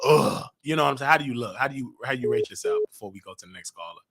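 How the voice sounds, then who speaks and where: A man hosting a live call-in show, teasing callers in loud casual banter that swings up to shouting. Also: medium pitch, animated, rapid-fire.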